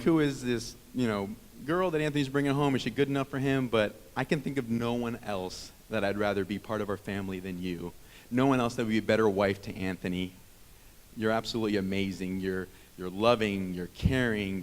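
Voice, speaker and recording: A man in his thirties gives a wedding toast at a reception, a touch low in pitch. His talk rambles and restarts, heartfelt and self-teasing. The sound carries a long reverb from the hall around him. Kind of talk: wedding speech.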